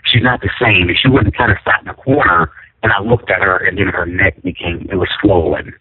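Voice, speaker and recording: A man's voice: low voice, fairly quick, slight background noise. A man, a guest in an interview, telling a personal story in an earnest, rambling way with many fillers and restarts. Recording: phone-like radio line.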